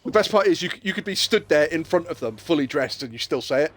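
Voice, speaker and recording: Joking man, lively voice. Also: fairly high pitch, fast talker. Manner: joking, laughs a lot, tells dad jokes. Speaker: streamer. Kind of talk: casual gaming chat with friends.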